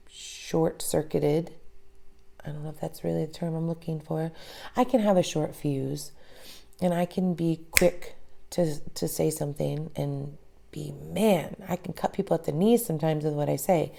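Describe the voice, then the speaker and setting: A woman in her forties speaking candidly in a reflective personal monologue, often pausing to search for words. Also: low-pitched, gravelly, warm tone. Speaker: vlogger.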